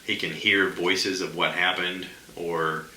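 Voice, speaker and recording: A very low, deep-voiced man chatting loosely on his solo podcast, circling back and stacking "um"s as he goes. His tone is strikingly bright and forceful despite the low pitch. The room around him is echoey, with a faint hiss of ambience. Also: flat delivery, takes it slowly. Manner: rambling, chatty, many fillers. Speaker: podcast host. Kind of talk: casual solo podcast chat.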